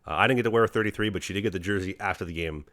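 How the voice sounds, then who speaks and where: A young man talking quickly and earnestly on his own podcast, full of fillers and motivational asides. His voice sits low and the close microphone leaves it dry, with no room sound at all. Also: a bit bright, no room sound. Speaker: podcast host, hockey goalie. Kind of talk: casual podcast chat.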